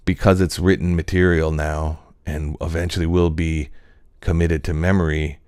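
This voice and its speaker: A man's voice: a bass voice, flat delivery, moderate pace, a little mellow, clean tone, dry recording, studio quality. A male comedian and actor in a casual reflective monologue, talking in a loose, rambling, profane way full of fillers.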